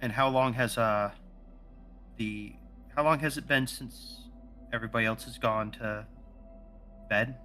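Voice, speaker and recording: A man's voice: mid-range voice, steady tone, a little slow, pauses often, bright, forceful tone, soft background music. A man playing a tabletop game, rambling and correcting himself with playful energy. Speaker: player. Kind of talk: tabletop role-play chat.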